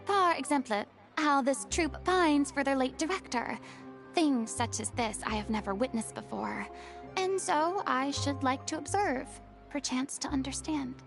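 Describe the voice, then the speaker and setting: A woman voicing a dramatic young former stage diva in a video game, speaking in a flowery, theatrical way. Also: sits high.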